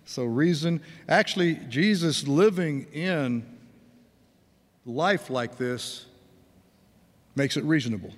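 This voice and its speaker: A man's voice: on the high side, expressive, slow, pauses often, big-room sound. A man preaching a sermon in an earnest, conversational way, with folksy asides. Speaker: pastor.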